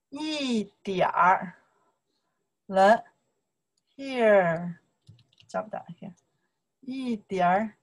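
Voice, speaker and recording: A woman's voice: mid-range voice, slightly rough. A woman whose first language is Chinese, teaching a Chinese lesson in simple English and patiently repeating words and tones. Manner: patient, repetitive, drills tones and words slowly; simple, non-native English.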